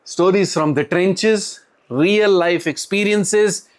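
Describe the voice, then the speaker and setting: A middle-aged man with an Indian accent, telling interview stories to camera in an animated way, acting out quotes and laughing often. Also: high-pitched, slow pace. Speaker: tech interviewer and channel host. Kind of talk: storytelling to camera.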